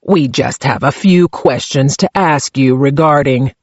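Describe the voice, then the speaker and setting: A man voicing a calm, pleasant senior female police investigator who speaks in a measured, quietly pointed way. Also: medium pitch, dry recording, lo-fi sound.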